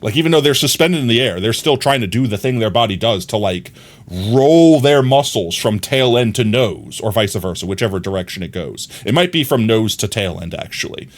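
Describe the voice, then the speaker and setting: A man livestreaming a game, telling a rambling, animated story in casual chat with frequent laughs. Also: fairly low pitch, a little fast.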